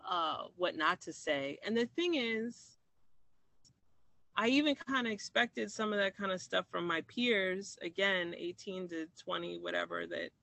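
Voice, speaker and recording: A man's voice: high voice, measured pace, gravelly, pushed and bright, dry recording. A man from Maryland telling a personal story in an interview, reflective, with restarts and acted-out quoted dialogue. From Maryland, USA.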